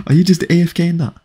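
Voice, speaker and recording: A man's voice: fairly high pitch, slightly rough. A young man streaming a game live, chatting with viewers and urging a friend to fight. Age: young adult. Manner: excitable, pleading and laughing, talks to chat. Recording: faint background music.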